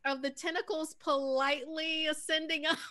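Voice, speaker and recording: Female host, high bright voice, giggly rambling casual delivery. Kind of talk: casual streamed chat.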